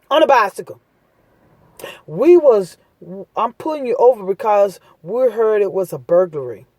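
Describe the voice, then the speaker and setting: A woman vlogger with a medium pitch and a darkish tone talks directly to her audience on a dry recording, offering advice in an impassioned, casual monologue. Blunt and preachy with a street-talk manner, she keeps repeating her points for emphasis.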